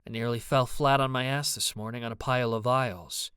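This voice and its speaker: A man narrating an audiobook, voicing a blunt young woman who speaks flatly and matter-of-factly. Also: mid-range voice, brisk, clean tone, no room sound, clean studio sound, lightly acted. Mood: dry. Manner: flat, matter-of-fact.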